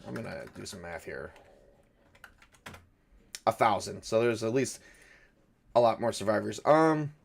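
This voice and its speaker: A man's voice: fairly low pitch, expressive, a little slow, gravelly, long pauses. A man running a solo tabletop game, thinking aloud in a rambling, self-correcting way. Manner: rambling, self-correcting, chuckles at own jokes. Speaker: game master.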